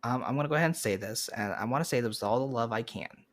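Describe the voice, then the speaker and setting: A young adult man appearing as a podcast guest, sharing animated, joking anecdotes in casual chat. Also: mid-range voice, quick pace.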